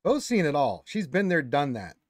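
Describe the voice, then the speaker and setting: A man's voice: fairly high pitch, big pitch swings, moderate pace, dry recording, studio quality. A man hosting a casual fan discussion, explaining lore at length with restarts and notes read aloud.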